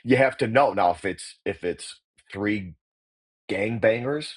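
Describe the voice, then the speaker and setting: Middle-aged male actor-coach, deep husky voice, blunt and salty, explaining his craft. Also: measured pace. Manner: blunt, profane, emphatic. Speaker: actor and acting coach, guest. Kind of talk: casual interview talk.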